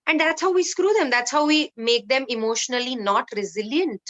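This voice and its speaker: A woman's voice: high-pitched, a little fast, muffled recording. A woman in her thirties with an Indian accent, leading a self-love workshop and telling stories, slipping in Hindi phrases. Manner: lively, mixes Hindi phrases, acts out quoted voices. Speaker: workshop facilitator. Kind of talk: workshop talk with anecdotes.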